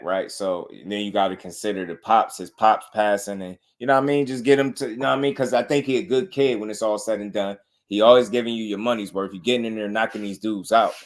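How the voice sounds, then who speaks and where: A man with a fairly low voice talks boxing in a casual, unhurried way. He reacts to clips as the show's host and keeps checking that listeners follow him. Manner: laid-back, repeats "you know what I mean".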